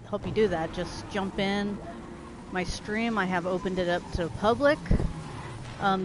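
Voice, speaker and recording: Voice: medium pitch, background noise. A game streamer who is unwell, lying down and chatting casually while playing, rambling and stumbling over words. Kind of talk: casual live-stream commentary. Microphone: headset or desk mic, no camera.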